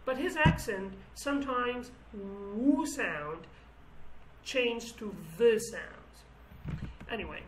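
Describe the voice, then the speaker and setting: Female teacher, Kurdish accent, slightly high pitch, explains patiently with restarts; roomy recording. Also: lively intonation, extremely slow. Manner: explanatory, with many restarts and fillers. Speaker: language teacher. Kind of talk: language lesson. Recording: roomy with faint background noise.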